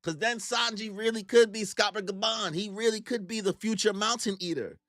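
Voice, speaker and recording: A man's voice: sits high, moderate pace, a bit bright, no echo, studio quality. A man giving live manga reaction commentary in a casual, slangy way with swearing.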